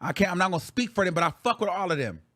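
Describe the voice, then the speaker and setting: A man's voice: high-pitched, expressive, very fast, fairly bright tone, dry recording, studio quality. A man hosting his own show, ranting bluntly and profanely in heated commentary. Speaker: talk show host.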